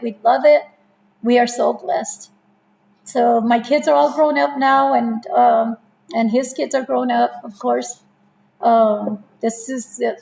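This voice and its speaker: A woman's voice: fairly high pitch, vocal fry, rough recording. A woman of fifty or more with a New Mexican accent, telling her life story casually as an interview guest, laughing often and acting out past conversations. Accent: New Mexican English. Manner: laughs often, animated retelling with quoted dialogue.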